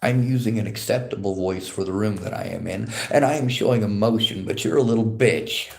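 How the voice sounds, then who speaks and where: A man's voice: on the low side, fairly quick, gravelly, darkish tone. A man streaming from a library, reading chat comments aloud and answering them in a bitter, profane, lecturing rant. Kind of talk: angry livestream rant.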